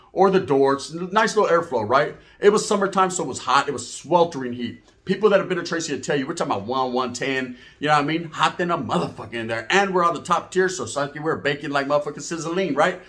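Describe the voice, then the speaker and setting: Male storyteller, slightly high voice, casual and profane, animated, acts out the voices of others. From California.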